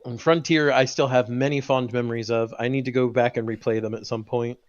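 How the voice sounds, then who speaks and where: A man co-hosting a casual chat about game trailers, animated and quick to laugh, with halting restarts. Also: medium pitch, dull audio. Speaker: co-host.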